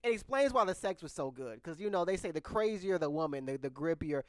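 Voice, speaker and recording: Talking expressively and fairly quickly in a slightly high voice, a young man in his twenties shares a candid, rambling personal story with his viewers, often starting sentences over. The mic is close and there's no echo.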